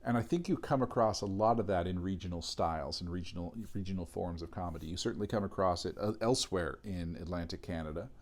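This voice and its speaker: A man with a somewhat low voice talks through an academic reading. He lectures informally and thinks aloud. He speaks in a measured way and often pauses to find the right word. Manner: thoughtful, searching for words, measured.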